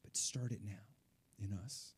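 A man preaching a sermon, telling a personal story with animated, excitable delivery that rises high when he relives moments of joy. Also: a little slow, slight background noise.

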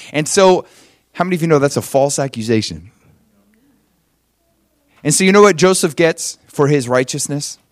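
A male pastor with a fairly high voice, preaching in a lively, storytelling way and slipping into quoted voices. The sound is close and dry, with little room. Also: dry recording. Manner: animated storytelling with acted quotes. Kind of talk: sermon.

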